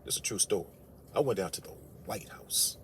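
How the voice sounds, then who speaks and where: A man delivering an animated storytelling monologue, emphatic and incredulous, his voice climbing when he gets worked up. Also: on the low side, a little fast, slight background noise. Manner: emphatic, incredulous, rises sharply when outraged.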